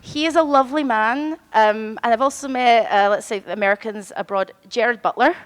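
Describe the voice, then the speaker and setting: A Scottish woman hosting a live convention panel, energetic and chatty, quick to laugh. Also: a little high, clean tone, no room sound, rough recording. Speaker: panel host. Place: stage at a convention expo.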